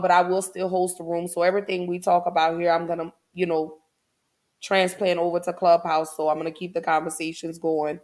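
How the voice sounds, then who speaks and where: Woman podcast host, low voice, flat even delivery, warm encouraging casual talk, heartfelt affirmations.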